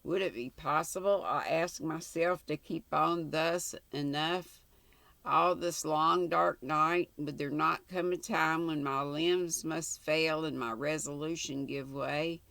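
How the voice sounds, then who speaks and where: An older woman reads a story aloud at an unhurried, careful pace. Her voice has a gravelly edge. It is recorded dry and close, with no room sound. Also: low voice, steady tone, a bit bright, no echo. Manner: slow, measured, plain reading with small slips. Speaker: channel host, story reader.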